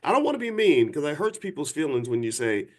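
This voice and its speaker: A man's voice: on the high side, very animated, fast talker. A man in his fifties hosting a live talk, blunt and insistent, often restarting and asking viewers to respond. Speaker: host. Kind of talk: livestream talk to an audience.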